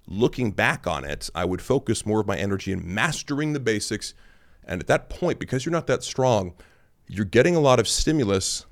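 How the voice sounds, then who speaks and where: A young man talking casually and at length about workouts and fitness, rambling with many fillers. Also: fairly low pitch. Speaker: fitness podcast host answering listener questions. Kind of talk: casual monologue.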